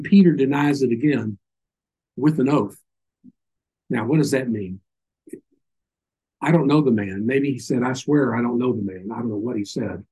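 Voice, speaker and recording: A man's voice: mid-range voice, warm tone, slightly rough, low-quality recording. Southern older man teaching the Bible. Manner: folksy storytelling with asides. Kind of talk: informal sermon.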